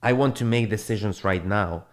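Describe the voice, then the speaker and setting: Blunt, profane crypto streamer. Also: male voice, fairly low pitch, normal speed. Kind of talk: casual live-stream monologue.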